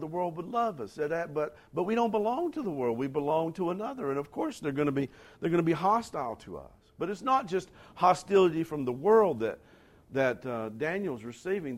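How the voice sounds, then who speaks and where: A man preaching a sermon, talking straight to his congregation with conversational asides and building to forceful emphatic lines. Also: a little high, very animated, normal speed. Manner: rising to emphatic near-shouts on key lines. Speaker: pastor.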